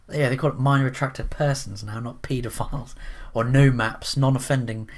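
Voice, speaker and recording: A man's voice: mid-range voice, expressive, brisk, few pauses. A man giving opinionated commentary in a rambling, sarcastic way, full of restarts and asides. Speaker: commentary vlogger.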